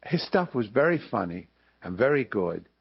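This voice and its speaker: An older man in an archival interview, telling lively anecdotes and acting out the people he quotes. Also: fairly low pitch, moderate pace, gravelly, slightly rough, highs cut off. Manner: lively raconteur, acts out quoted voices. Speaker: interviewee recalling his radio career.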